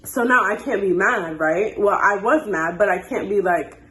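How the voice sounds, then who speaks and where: A woman in her twenties telling a dating story in a casual, animated way and acting out the dialogue. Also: mid-range voice, moderate pace. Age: 20s. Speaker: storytime host. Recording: echoey room.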